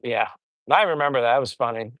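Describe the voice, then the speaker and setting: A man's voice: mid-range voice, fast, a bit bright, no echo, low-quality recording. A middle-aged man rambling through funny old stories while reading out live chat on a casual stream. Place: home in the Philippines.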